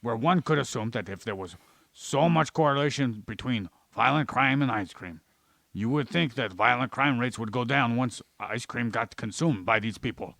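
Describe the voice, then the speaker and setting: A man with a gravelly, creaky voice holds forth in a comedic podcast chat, swearing freely as he rants and lectures. His voice sits in an ordinary middle range. The sound is dry and close, with no room around it. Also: medium pitch, moderate pace, a bit bright, no room sound. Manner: profane, ranting, lecturing; plays an alien persona in an ordinary voice. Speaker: podcast co-host. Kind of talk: rambling comedic science chat.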